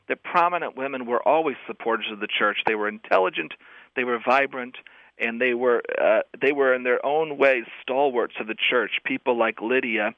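A man's voice: mid-range voice, no echo. A male guest scholar on a radio call-in show, talking thoughtfully with frequent restarts and fillers. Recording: tinny phone line, dry.

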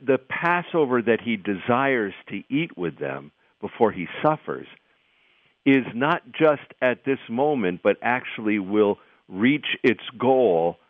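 Professor on a tinny phone line. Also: male voice, fairly low pitch, no room sound. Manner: thoughtful, halting, many restarts. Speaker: seminary professor, guest. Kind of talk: radio interview, explaining scripture.

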